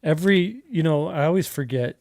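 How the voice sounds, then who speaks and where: A man's voice: a little high, lively intonation, a little fast, vocal fry, a little mellow, no echo. A man hosting a live drawing stream, chatting casually and telling a long rambling story full of fillers. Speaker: artist livestream host. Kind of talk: casual livestream chat while drawing.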